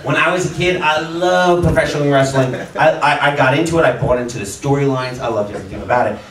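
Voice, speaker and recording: Heard from a distance in an echoey small club, a fast-talking man with a mid-range, slightly bright voice works through a stand-up routine. His meandering story is full of fillers and laughs, while the live crowd's noise and laughter fill the background.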